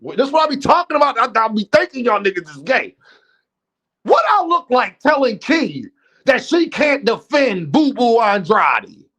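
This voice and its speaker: A man with a high voice hosts a live stream in unscripted rant mode. He talks bluntly and profanely, addressing his chat directly and heatedly. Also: sing-song, normal speed, a bit bright. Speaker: livestream host.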